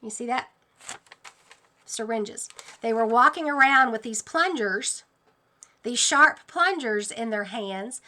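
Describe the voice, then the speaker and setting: Woman vlogger, bright and fairly high voice, earnest, animated warnings in casual talk. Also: takes it slowly. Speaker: channel host sharing dreams. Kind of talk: casual vlog monologue.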